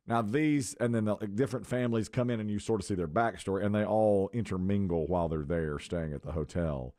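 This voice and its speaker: A man's voice: on the low side, brisk, no echo, clean studio sound. A man, hosting a morning show and telling rambling stories in casual chat. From North Carolina. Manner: animated, rambling storyteller. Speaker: radio show host. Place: radio studio.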